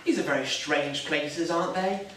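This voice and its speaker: A man's voice: fairly high pitch, normal speed, sharp tone, slight background noise. A young man playing a nervous self-doubting churchgoer. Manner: hesitant, self-deprecating, wry. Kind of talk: stage drama monologue. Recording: echoey room, mic far off.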